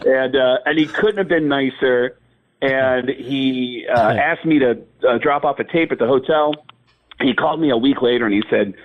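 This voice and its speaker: A man's voice: medium pitch, moderate pace, narrow, tinny audio. A man, a stand-up comedian, telling stories with impressions and laughing along. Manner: animated, laughing storyteller. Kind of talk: storytelling with impressions.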